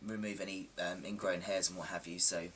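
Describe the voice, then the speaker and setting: Guy vlogging, lowish voice a bit rough and sore, chatty and rambly, mic a bit far off with faint hiss. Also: level tone, fairly quick, fairly bright tone. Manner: chatty, rambling, self-deprecating, with frequent ums. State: slightly coarse, sore throat. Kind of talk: casual chat to camera.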